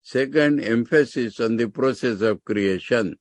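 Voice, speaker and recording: Indian-accented male monk, unhurried scriptural discourse, mid-pitched, dry close recording. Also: no room sound. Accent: Indian English. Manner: explains Sanskrit terms word by word, with emphatic rises.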